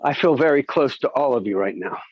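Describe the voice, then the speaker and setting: A man's voice: medium pitch, lively intonation, fairly quick, no echo, dull audio. A man doing a stand-up comedy set, telling stories and slipping into silly voices.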